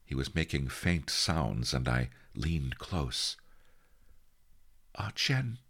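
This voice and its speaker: A man narrating a story in a measured, storytelling way. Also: very deep voice, a bit bright, slightly rough. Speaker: audiobook narrator. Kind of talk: scripted narration.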